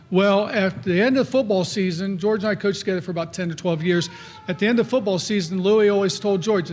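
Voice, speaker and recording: A man's voice: high-pitched, a little hiss or hum. A middle-aged man giving a folksy acceptance speech, telling coaching stories and acting out what people said. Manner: folksy storyteller, acts out quoted coaches. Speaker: hall of fame inductee giving a speech.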